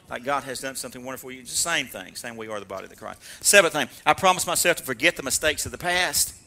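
A pastor delivers a sermon, coaxing call-and-response from the congregation. He swings between loud exhortation and soft, low asides.

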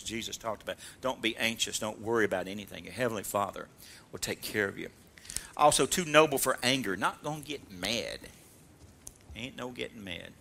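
Bright-voiced pastor preaching. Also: male voice, on the low side, gravelly. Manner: call-and-response, coaxing the congregation; swings from loud exhortation to soft murmurs. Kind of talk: sermon.

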